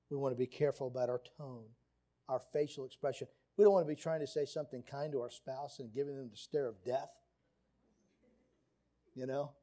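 A man's voice: mid-range voice, dark tone. A man preaching a sermon on marriage, earnest and emphatic, reading quotes and scripture aloud. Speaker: pastor.

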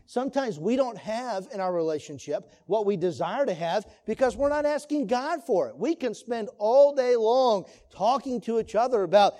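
A man's voice: high voice, animated, normal speed, few pauses, mellow. A man teaching a church class on marriage in a sermon style, earnest, putting questions to the listeners. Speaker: Sunday school teacher.

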